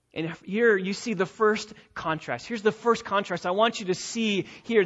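High-voiced guy preaching a sermon, really emphatic, goes loud then quiet, muffled audio. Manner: emphatic, repetitive, swings between loud and quiet. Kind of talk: expository sermon.

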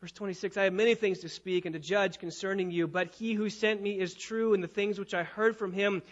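Emphatic high-voiced preacher man. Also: fairly even intonation, a little fast, dull audio. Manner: emphatic preaching, repeats phrases, rises to loud climaxes. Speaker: pastor. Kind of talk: sermon.

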